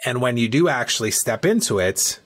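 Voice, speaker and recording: Husky-voiced male podcast host. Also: mid-range voice, normal speed. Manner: animated storyteller, peppers talk with "right?" and "man". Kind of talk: casual podcast conversation.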